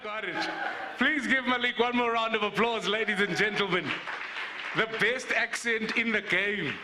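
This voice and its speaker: A man's voice: high-pitched, moderate pace, music in the background, crowd noise. A man from South Africa in his forties, hosting an awards event with playful stand-up comedy. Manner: animated, joking, playful asides.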